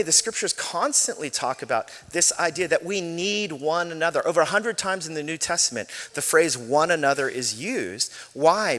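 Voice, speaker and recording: A man's voice: a little high, fairly bright tone. A man in his forties preaching a sermon as pastor, chatty and self-deprecating, telling stories with laughs. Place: church sanctuary. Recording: long hall reverb.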